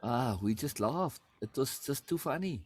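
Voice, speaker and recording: Man, casual conversation, very animated pitch, repeats himself, laughs easily. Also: moderate pace, husky, no room sound. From outside the United States. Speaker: podcast host.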